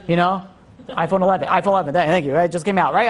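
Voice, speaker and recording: A man teaching a Torah class as a rabbi, animated and full of rhetorical questions and joking asides. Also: high-pitched, rapid-fire.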